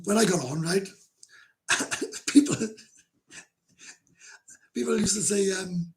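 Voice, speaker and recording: A middle-aged Welsh man hosts a casual livestream, reading comments and chatting to viewers in a blunt, rambling way, swearing freely and laughing often. His voice is high, and he speaks slowly with frequent pauses.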